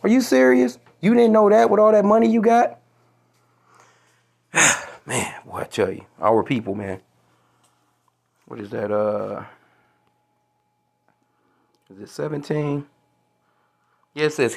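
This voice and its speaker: A man rants straight to his audience in a commentary video, swearing freely and tripping over his own restarts. His voice sits a little higher than most men's. Now and then he pauses to look up and quote scripture. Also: lively intonation, vocal fry. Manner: profane, heated, repetitive restarts, quotes scripture. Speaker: commentary vlogger.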